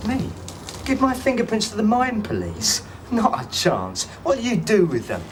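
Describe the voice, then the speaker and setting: A man's voice: sits high, huge pitch swings, measured pace, distant mic, background noise, heavily acted. An actor playing a stubborn, suspicious male homeowner in a 1990 TV police drama. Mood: grumbling. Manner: grumbling, suspicious.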